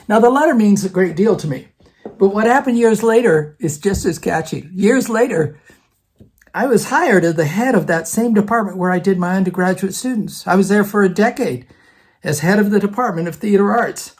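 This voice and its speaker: Older male storyteller, ex-theater department head, conversational and lively with quoted dialogue. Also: high voice, normal speed, breathy edge. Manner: conversational, acts out other people's lines. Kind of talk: personal storytelling vlog.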